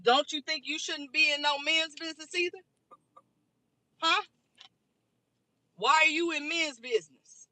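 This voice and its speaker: Woman vlogger, high pitch, bright tone, blunt and profane rant. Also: measured pace, pauses often, no room sound. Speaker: online commentary creator. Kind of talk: angry rant vlog.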